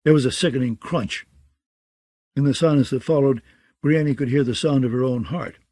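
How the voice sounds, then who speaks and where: A male audiobook narrator reads a scripted text in a steady, measured manner. His mid-range voice comes through a dry, clean studio recording.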